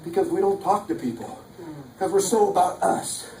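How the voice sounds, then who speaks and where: High-voiced man preaching sales in echoey hall. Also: moderate pace, warm tone, distant mic, slight background noise. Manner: punchy, jokey, preacher-like. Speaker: motivational speaker. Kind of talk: motivational sales talk. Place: large event hall.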